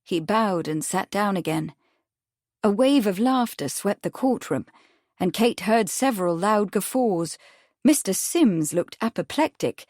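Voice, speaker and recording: This is scripted audiobook narration by a woman with a mid-range voice, read evenly and with measure. The recording is dry and studio-clean.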